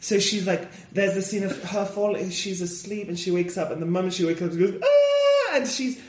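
A man's voice: fairly quick, echoey room. A man co-hosting a podcast, chatting casually about films and acting out scenes with big jumps in his voice. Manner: animated, acts out movie scenes with big pitch jumps. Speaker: podcast co-host.

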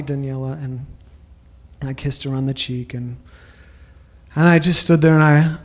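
A man telling a comic personal story on stage, rambling with halting restarts and self-mocking punchlines. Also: mid-range voice, creaky.

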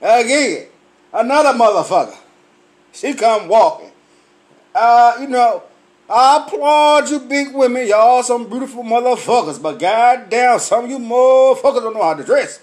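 A man, tipsy from drinking, telling loud, profane comic stories and laughing at his own punchlines. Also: very high-pitched, lively intonation. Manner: loud, laughing, heavy cursing, drawn-out punchlines. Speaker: comedian vlogger. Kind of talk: profane comic storytelling rant.

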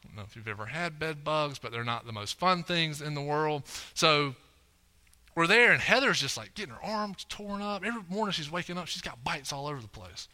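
A man's voice: fairly high pitch, animated, brisk, sharp tone. A young man preaching a sermon from a church stage, telling a personal story in a casual, conversational way and often checking in with "right?".

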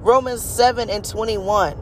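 A preacher with a mid-range, fairly bright voice delivers an impassioned devotional message, unhurried and fairly even in intonation, with slight background noise. He repeats phrases for emphasis and speaks straight to listeners, calling them "y'all" and "you guys."

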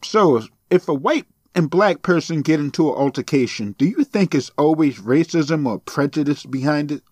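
A man's voice: on the high side, expressive, normal speed, darkish tone, dry recording. A man hosting a solo podcast, ranting sarcastically and swearing as he rambles. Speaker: podcast host.

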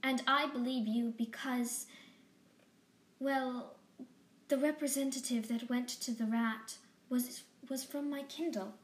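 A woman voicing a small young black she-cat who speaks in a small, high voice, shy but earnest. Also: fairly even intonation, takes it slowly, reverberant.

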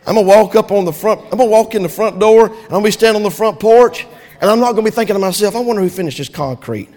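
A man preaching a fervent sermon in a church, swinging from loud to soft. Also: high-pitched, steady tone, rapid-fire. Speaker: pastor. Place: church sanctuary. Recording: long church reverb.

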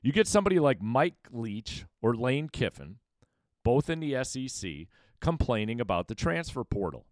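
A man's voice: mid-range voice, sing-song, moderate pace, no room sound. A man hosting a solo sports podcast, giving emphatic, opinionated commentary and throwing rhetorical questions at his listeners.

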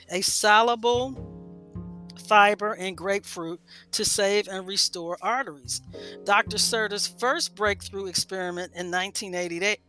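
A woman's voice: medium pitch, pushed and bright. A woman hosting a health talk, reading an article aloud with frequent stumbles and self-corrections. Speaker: health podcast host.

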